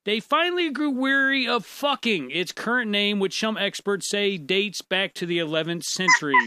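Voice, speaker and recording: Lively high-voiced man hosting a podcast. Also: moderate pace, very noisy. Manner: laughing, swearing, joking. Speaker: podcast co-host. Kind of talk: casual podcast chat, reading news aloud.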